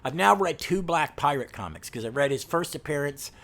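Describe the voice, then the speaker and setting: A man's voice: on the high side, lively intonation, a little fast, a bit bright. A man hosting a comic book review podcast, talking with eager enthusiasm and pleading with listeners. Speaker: podcast host.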